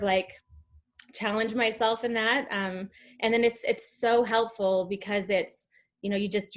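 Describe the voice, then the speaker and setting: A woman in her thirties giving an enthusiastic, rambling motivational talk over a video call, full of fillers and restarts. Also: medium pitch. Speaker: guest speaker.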